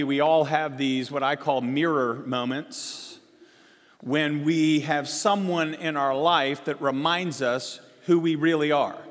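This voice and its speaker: High-voiced pastor preaching in a hall. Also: male voice. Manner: rises to emphatic stressed words, then drops low and soft. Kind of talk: sermon. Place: church sanctuary. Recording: long reverb of a church hall.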